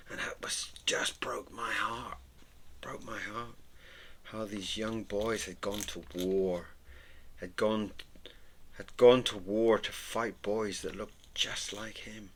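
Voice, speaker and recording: Slow, bright-toned rambling middle-aged man. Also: fairly low pitch, slight background noise. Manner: rambling and sentimental, with soft murmured asides; chuckles often. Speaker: artist and channel host. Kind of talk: casual chat while drawing.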